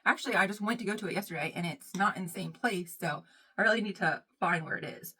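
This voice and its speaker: A woman's voice: lowish voice, quick pace, pushed and bright, breathy edge. Chatty woman vlogging. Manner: chatty, rambling, says "y'all" often. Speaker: beauty vlogger. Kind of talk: casual chat while doing makeup.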